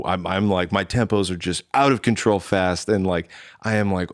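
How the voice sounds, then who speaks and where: A man in his thirties, a drummer, telling stories in a casual interview and acting out quotes in lively voices. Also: lowish voice, normal speed, dry recording, clean studio sound. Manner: animated, quotes himself and others in lively voices. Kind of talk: casual storytelling chat.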